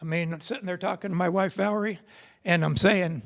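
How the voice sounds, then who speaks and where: A man's voice: high voice, fairly even intonation, brisk, vocal fry. An older man speaking at a seminar, telling personal racing stories in a rambling, conversational way with many restarts. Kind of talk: personal storytelling talk. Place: seminar hall.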